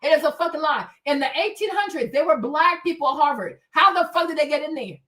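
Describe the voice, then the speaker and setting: A woman's voice: high-pitched, expressive, fast, bright, forceful tone. A woman hosting a livestream, ranting in a heated, profane way and hammering her points through repetition. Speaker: show host. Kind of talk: livestream commentary rant.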